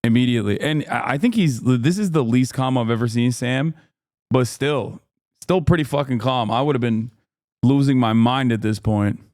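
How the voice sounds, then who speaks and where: Male streamer, casual reaction commentary, sarcastic and profane, smooth resonant voice. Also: mid-range voice, normal speed, a little mellow, no room sound, clean studio sound. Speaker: streamer reacting to a debate clip.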